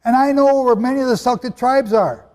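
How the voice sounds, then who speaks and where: Speaking a little fast, this man has an extremely high pitch and a darkish tone. He preaches to a live audience in a large hall in a sermon-like teaching, emphatic and chatty, quizzing his listeners as long reverb rings through the room.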